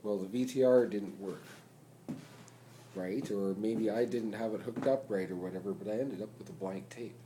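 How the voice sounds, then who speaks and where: A man, telling a rambling story to a phone camera in a casual, drawn-out way. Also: fairly low pitch, a little hiss or hum. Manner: rambling, slow, drawn-out delivery; loud and excited when reenacting chants. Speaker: vlogger.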